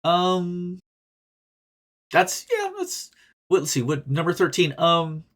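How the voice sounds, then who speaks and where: A man's voice: high-pitched, slow pace, pauses often. A man hosting a casual podcast, reading listener posts and giving candid, rambling advice with plenty of swearing and laughter. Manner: animated, jumps between loud bursts and quiet asides. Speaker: podcast host reading and answering reader stories.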